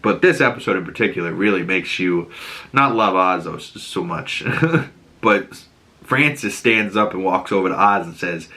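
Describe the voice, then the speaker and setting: Boston guy breaking down a tv episode, lowish voice, jumps into the characters' lines. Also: normal speed. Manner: animated, acts out characters' lines in raised voices. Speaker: TV show reviewer. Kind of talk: casual recap and commentary.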